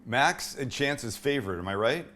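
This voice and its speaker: A man's voice: medium pitch, animated, moderate pace, bright, forceful tone. Joking man hosting a home cooking show. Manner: joking, irreverent, chatty. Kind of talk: casual cooking demonstration. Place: indoor home kitchen.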